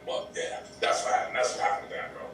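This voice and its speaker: A man telling a story in a casual podcast interview, animated, blunt and profane, acting out what others said. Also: fast talker, distant mic. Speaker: guest. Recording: echoey room, off mic, faint rumble.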